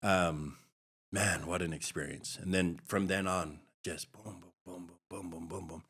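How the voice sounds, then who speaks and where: Deep-voiced middle-aged man from Hawaii, earnest and rambling, recounting his past as a podcast guest. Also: fairly even intonation, a little slow, a bit bright, breathy edge. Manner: earnest, rambling, heavy with fillers. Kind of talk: personal storytelling interview.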